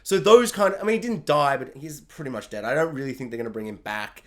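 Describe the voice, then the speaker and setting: A man giving a casual, excitable spoken review of a TV episode, talking fast and filling his sentences with "like". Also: mid-range voice. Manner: chatty and excitable, heavy use of "like".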